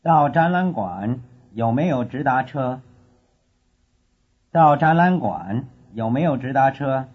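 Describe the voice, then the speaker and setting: A young male student asks about buses in slow, careful sentences, as a man voices him. His voice is a little husky. It comes through a dull, lo-fi course recording. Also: medium pitch, lively intonation. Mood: asking. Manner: slow, careful drill delivery. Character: young male foreign student asking directions.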